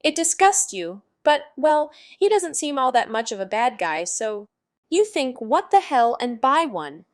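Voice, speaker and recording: A woman's voice: sits high, big pitch swings, a little slow, no room sound, studio quality. Woman voicing a mocking jester wizard. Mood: sardonic rambling. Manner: sardonic, rambling, mocking. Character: brash, foul-mouthed male jester wizard narrating.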